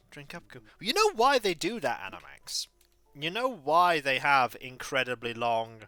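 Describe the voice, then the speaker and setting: A man streaming a game, chatting casually and telling stories in an animated, chatty way. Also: fairly high pitch, no echo. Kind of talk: casual chat while playing a game.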